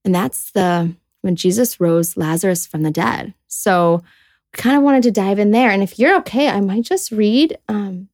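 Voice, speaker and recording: A woman's voice: medium pitch, normal speed, darkish tone, no echo. A woman co-hosting a casual faith podcast, reading scripture aloud and reflecting on it in an earnest, chatty way with many "like"s. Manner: chatty and earnest, many "like"s, voices quoted people. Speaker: podcast co-host.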